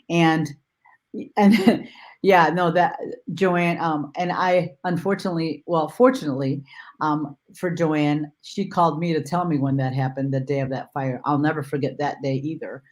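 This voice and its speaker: A woman dog trainer in casual conversation, speaking haltingly with many restarts and repeated words. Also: low-pitched, a little mellow.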